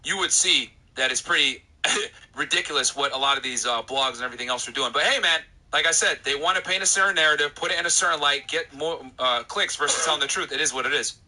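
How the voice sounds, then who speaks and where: A man's voice: on the high side, fast, bright, forceful tone, poor audio. A young man hosting a podcast, arguing insistently with a caller and pushing back when cut off. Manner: insistent, talks over interruptions. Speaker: podcast host. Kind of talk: heated podcast argument with a caller.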